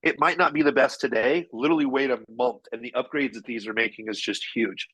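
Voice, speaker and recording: A man presenting marketing tools in an energetic, chatty live software demo, with quick shifts in pace. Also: mid-range voice, husky, rough recording.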